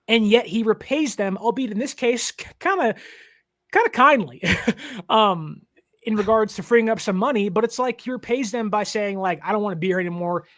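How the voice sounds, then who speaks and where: A man's voice: sits high, a bit bright. A man co-hosting a sports podcast, chatting casually, acting out quotes in little voices and laughing along.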